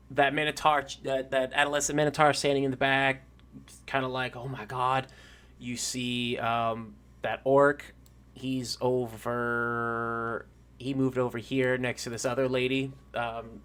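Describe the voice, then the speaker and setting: A man's voice: mid-range voice, fairly bright tone, clear, resonant tone. A man narrating a tabletop game as game master, casual and rambling, with fillers and the odd swear.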